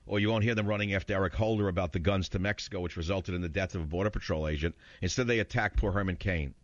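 A man's voice: deep voice, fast talker, no echo, highs cut off. A man hosting a talk radio show, combative and mocking as he rants about the news.

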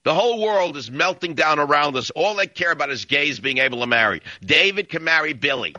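Ranting talk radio host, very bright. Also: male voice, fairly high pitch, lively intonation, fairly quick, no room sound. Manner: ranting, sarcastic, interrupting. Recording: dull lo-fi broadcast audio.

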